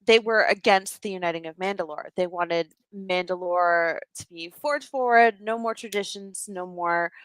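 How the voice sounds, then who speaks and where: A woman's voice: fairly low pitch, moderate pace, few pauses, smooth, no echo, low-quality recording. A woman co-hosting a casual fan discussion stream, thoughtful and explaining points at length on a home microphone. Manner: thoughtful, explains at length, reads out viewer comments. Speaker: podcast co-host. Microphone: home mic on a video call.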